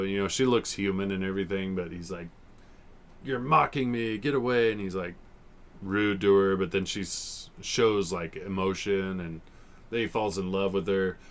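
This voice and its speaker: A man's voice: low voice, steady tone, normal speed. A man in his forties hosting a podcast, casually rambling and swearing as he reviews old TV episodes. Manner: rambling, swearing, laughs often. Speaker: podcast host.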